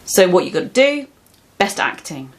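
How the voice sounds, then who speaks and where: A woman explaining calmly and reassuringly how to support someone through a panic attack. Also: lowish voice, normal speed. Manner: calm, reassuring, practical. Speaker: mental health educator. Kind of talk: explaining advice to camera.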